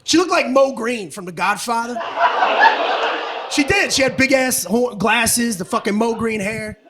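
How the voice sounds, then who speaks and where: A male stand-up comedian with a very high-pitched voice, ranting in a brash, profane style. He works the room on a stage mic with clear audience noise behind him. The set is loose and combative. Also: lively intonation, a little slow, a crowd in the background.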